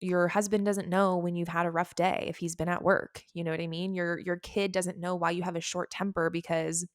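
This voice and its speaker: A woman's voice: lowish voice, flat delivery, a little fast, no echo, clean studio sound. A woman in her thirties hosting a solo podcast, talking candidly and rambling, swearing casually. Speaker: podcast host.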